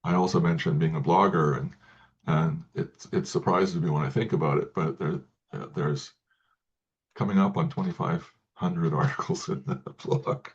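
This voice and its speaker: Very deep-voiced man, halting speech. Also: steady tone, lo-fi sound. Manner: halting, many restarts and repeated words. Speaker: guest speaker. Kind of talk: casual interview talk.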